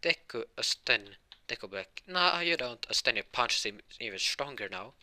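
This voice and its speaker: Rambling man, low voice. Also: fairly quick, sharp tone. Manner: rambling, full of fillers and self-corrections. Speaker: storyteller. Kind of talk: casual spoken fan-fiction retelling.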